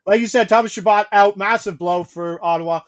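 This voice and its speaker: A man hosting a sports betting show, briskly rattling off stats and odds and laughing mid-sentence. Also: sits high. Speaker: host, betting analyst. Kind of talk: casual sports betting chat.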